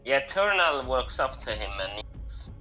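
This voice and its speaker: A man taking part as a player in a tabletop game over an online call, speaking gently and in a friendly way. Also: mid-range voice, sing-song, measured pace, soft background music, rough recording. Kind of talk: tabletop role-play.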